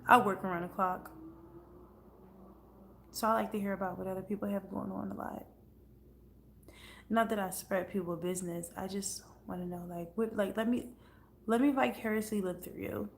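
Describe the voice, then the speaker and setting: A woman's voice: medium pitch, fairly even intonation, normal speed, vocal fry, long pauses, slight background noise. A woman chatting casually on a livestream, blunt and profane. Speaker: livestream host.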